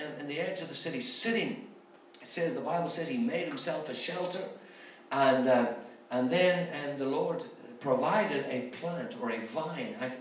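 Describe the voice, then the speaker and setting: A man preaching a sermon, retelling Bible stories with rhetorical questions and frequent restarts. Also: mid-range voice. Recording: echoey room from far off, faint background noise.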